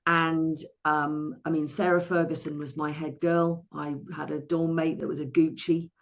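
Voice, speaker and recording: An English woman in her sixties, a therapist and money coach, telling her life story as an interview guest in a lively way, with frequent restarts and playful acted-out quotes. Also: low voice, moderate pace. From England. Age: 60s.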